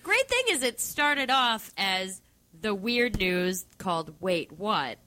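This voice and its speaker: Bright, blunt young woman. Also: medium pitch, sing-song, takes it slowly, a little hiss or hum. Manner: blunt, swearing, chatty. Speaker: radio co-host. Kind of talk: casual crude banter. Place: radio studio.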